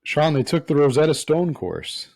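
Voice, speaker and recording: A man's voice: on the high side, very animated, creaky, darkish tone, no echo. A man co-hosting a casual podcast, rambling and restarting his sentences as he explains. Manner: rambling, halting, restarts often. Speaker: podcast co-host.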